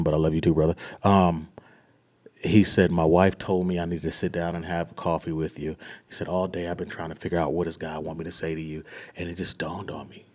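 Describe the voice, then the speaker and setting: Man, young adult, deep low voice, pastor, personal testimony, earnest, hushed near-whisper at times. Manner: earnest and searching, often dropping to a hushed, near-whispered delivery. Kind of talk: personal testimony to a small group.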